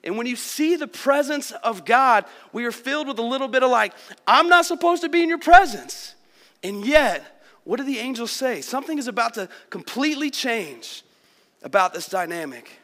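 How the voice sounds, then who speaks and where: This pastor's voice is extremely high, a bit bright, with lively intonation and a moderate pace. He preaches to his church in an earnest, conversational manner, frequently saying "like" and "man," while the sanctuary adds a long hall reverb.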